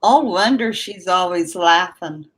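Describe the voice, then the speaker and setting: Slow-talking woman hosting a live chat. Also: lowish voice, lively intonation, a bit bright. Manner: laughs often, drawls words out. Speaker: livestream host chatting with viewers.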